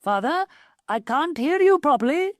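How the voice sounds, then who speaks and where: A woman's voice: high-pitched, very animated, moderate pace, no echo, clean studio sound, pitched above the performer's own voice. A woman voicing a brash, boastful young male genie in a storybook. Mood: cocky. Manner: brash, boastful, casual slang.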